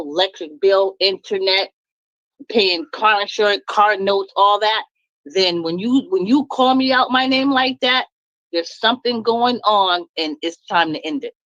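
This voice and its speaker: A middle-aged woman venting bluntly in a casual live-stream chat, laughing often and jumping high in pitch when she gets indignant. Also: fairly bright tone, no room sound, highs cut off. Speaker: guest speaking on a live stream.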